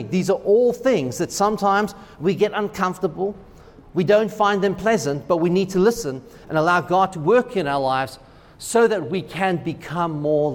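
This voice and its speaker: A man's voice: sits high, in a large hall. A pastor giving a conversational sermon, joking with and asking questions of his congregation in a church. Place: church sanctuary.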